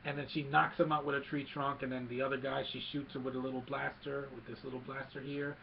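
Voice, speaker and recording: A man excitedly recapping a movie scene by scene, mixing in sound effects and quick character quotes. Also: mid-range voice, creaky, dull audio, slight background noise. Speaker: movie reviewer.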